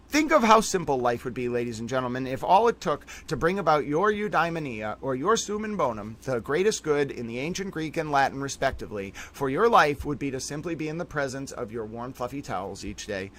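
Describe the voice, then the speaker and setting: A man's voice: mid-range voice, very animated, fairly quick, few pauses, a bit bright. A man hosting a long live stream, rambling playfully in mock-grand, theatrical wording, a little tired late in the session. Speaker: livestream host.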